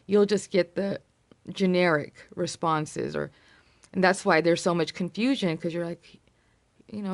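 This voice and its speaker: Low gravelly woman, earnest talk. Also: no echo. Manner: earnest, reflective, halting with fillers. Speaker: vlogger sharing personal experience. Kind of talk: casual talk to camera.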